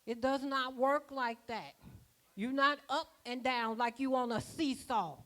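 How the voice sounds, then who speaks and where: Woman apostle, sermon, slightly high voice, folksy rhythmic delivery. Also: unhurried, fairly bright tone. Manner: folksy, rhythmic preaching, dialect grammar. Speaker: apostle preaching. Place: church conference.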